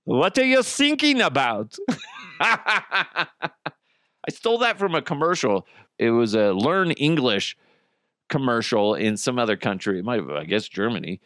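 Casting: man high podcast host, slow and giggly, dry close mic. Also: big pitch swings, fairly bright tone, no room sound. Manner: giggly, rambling, swearing. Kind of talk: loose comedy podcast chat.

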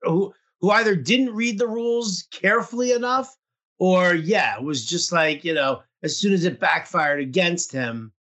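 Rambling young man, bright voice. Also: sits high, a little slow. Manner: rambling, lots of fillers. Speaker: podcast co-host. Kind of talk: casual podcast chat.

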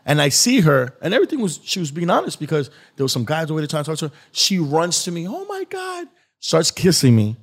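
A man's voice: fairly high pitch, fast, few pauses. A man guest on an interview show, telling a long casual story with lots of filler and acted-out quotes. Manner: rambling, animated, acts out quotes. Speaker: guest, skit creator.

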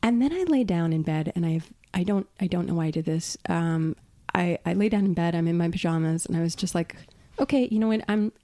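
A woman from Brooklyn, a podcast guest, telling a personal story in casual conversation, animated, laughing and swearing freely. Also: lowish voice, fairly quick. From Brooklyn, New York.

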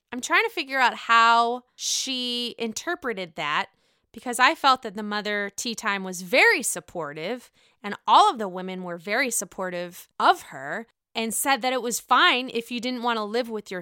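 A woman giving a casual, profane reality show recap, chatty and excitable, calling the viewer honey. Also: a little high, smooth, no room sound, clean studio sound. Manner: excitable outbursts.

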